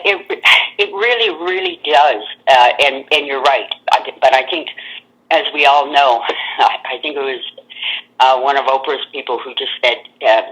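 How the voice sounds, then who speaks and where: A woman's voice: very deep voice, unhurried, a bit bright, low-quality recording. A woman talking reflectively in casual conversation, hesitant, with frequent fillers. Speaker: reader, guest. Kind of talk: casual chat over a call.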